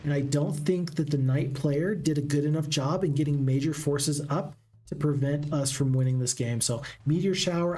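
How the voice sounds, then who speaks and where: A man's voice: a little high, warm tone. A man hosting a gaming channel, giving casual play-by-play commentary on a strategy game, chatty and thinking aloud.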